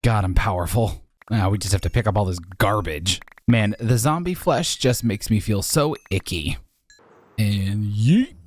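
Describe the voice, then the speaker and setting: A man giving casual, jokey commentary while building in a video game, his voice jumping up high when he exclaims. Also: expressive, normal speed. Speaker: Minecraft YouTuber.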